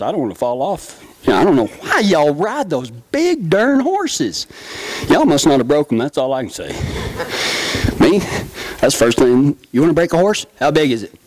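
A middle-aged man giving a humorous storytelling talk from a stage, folksy and quick to laugh. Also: high-pitched, dry recording. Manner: folksy, animated, laughs often. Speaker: stage speaker.

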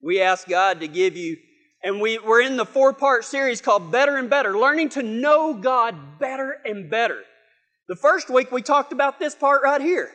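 High, bright-voiced preacher telling folksy tales. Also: male voice, lively intonation, moderate pace. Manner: folksy, humorous storyteller acting out voices. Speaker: pastor. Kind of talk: sermon with a storytelling opener. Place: church stage.

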